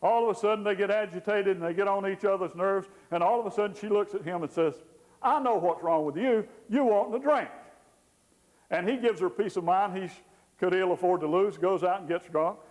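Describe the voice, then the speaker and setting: A man's voice: high voice, steady tone, quick pace, darkish tone. A man, giving a folksy teaching talk as a Christian counselor and acting out the people he quotes. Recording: long hall reverb.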